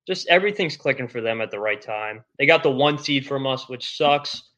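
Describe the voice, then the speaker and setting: A man's voice: mid-range voice, expressive, normal speed, bright, forceful tone. A man co-hosting a casual sports podcast, talking bluntly and casually with some swearing, on a dull lo-fi recording. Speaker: podcast co-host. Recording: dull lo-fi sound.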